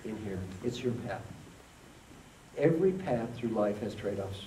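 A man gives a motivational keynote and leads the crowd in call and response. His pitch swings widely. He sounds distant in an echoey hall, over faint background noise. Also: animated, a little slow, dark tone. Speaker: keynote speaker. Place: conference hall with an audience.

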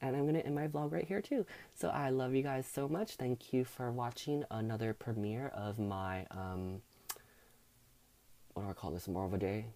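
A young man tells a story in a dramatic, sassy vlog rant and acts out the people in it. He sounds worn out and tired. His voice is mellow, and his pitch sits in the middle. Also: normal speed. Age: young adult. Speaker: vlogger.

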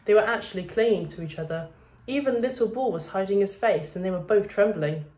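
A woman's voice: medium pitch, brisk, a little mellow. A woman, a primary school teacher reading a children's novel aloud to her class.

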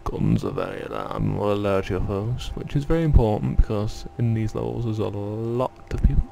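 A man doing a gravelly, bossy game instructor. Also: fairly low pitch, very animated, moderate pace, warm tone, exaggerated voice. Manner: condescending, barking instructions. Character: gruff, bossy male tutorial instructor with a wandering mock Scottish accent.

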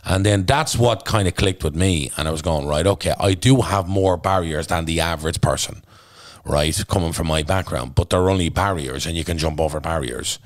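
A deep-voiced Dublin man from Ireland, a podcast guest, tells his story bluntly and intensely in candid conversation, swearing freely. He speaks at a moderate pace, and the dry recording has studio quality.

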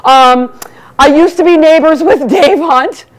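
A woman doing a brash stand-up monologue as master of ceremonies, teasing the crowd and talking fast. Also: high-pitched. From United States. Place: banquet hall before a live audience.

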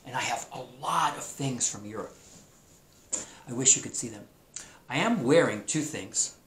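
A man's voice: mid-range voice, a bit bright. A man teaching a remote class, talking in a chatty, enthusiastic way and drawing out words for emphasis. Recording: roomy echo, faint noise.

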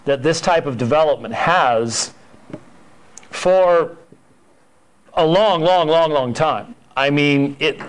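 A man's voice: fairly high pitch, rough recording. A man teaching a church history Sunday school class, talking conversationally with frequent fillers and restarts, sometimes acting out quoted dialogue. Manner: acts out quoted dialogue in storytelling.

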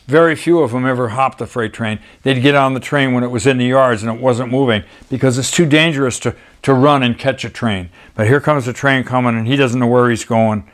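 An older man, a documentary photographer, talking casually through his photographs with rambling, folksy asides. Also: medium pitch. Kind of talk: storytelling slideshow talk.

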